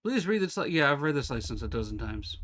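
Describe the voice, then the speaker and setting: A man's voice: medium pitch, sing-song, quick pace, fairly bright tone. A man streaming a horror game live, chatting to himself and the game with wry asides. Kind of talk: live gameplay commentary.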